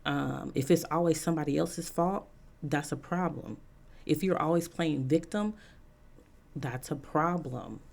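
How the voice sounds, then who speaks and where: A woman's voice: low-pitched, a little slow, creaky, a little mellow. A woman giving a casual opinion monologue as a vlogger, frank and chatty with many "um" fillers and repeated points for emphasis.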